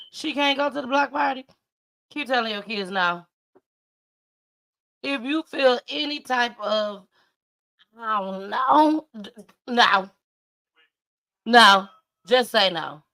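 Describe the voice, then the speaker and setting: Woman, show host, casual commentary, emphatic, repetitive, gravelly fry. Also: mid-range voice, a bit bright. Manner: emphatic, preachy, repeats her points. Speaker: host commenting on news clips.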